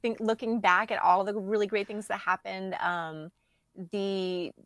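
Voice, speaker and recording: Una mujer que, como invitada de un pódcast, charla de forma animada, divagando y riéndose con frecuencia. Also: female voice, mid-range voice, unhurried, no echo. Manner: animated, laughing, rambling. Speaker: podcast guest. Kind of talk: casual podcast chat.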